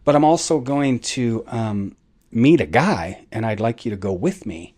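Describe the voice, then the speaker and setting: Rich: A man playing a chatty mother calling her grown son, her voice lifted high and sweet. She sounds breezy and upbeat, and she talks a little quickly. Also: animated, darkish tone, slightly rough, full character voice. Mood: bubbly.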